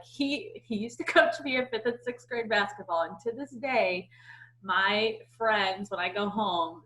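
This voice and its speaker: A woman talking casually on a team coaching call, chatty and filled with "like," sliding into animated voices when she quotes people. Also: on the high side, rough recording. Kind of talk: casual chat.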